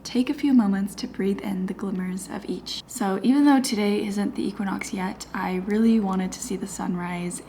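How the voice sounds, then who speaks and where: A young woman chatting casually to camera in her home studio, often dropping into a soft whisper. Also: mid-range voice, a little hiss or hum. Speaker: vlogger. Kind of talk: casual vlog chat.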